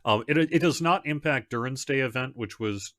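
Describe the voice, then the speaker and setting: A man's voice: mid-range voice, moderate pace, fairly bright tone, dry recording, clean studio sound. A man, the community manager of a game, hosting a casual live stream from home; he rambles conversationally, with fillers and restarts. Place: home setup.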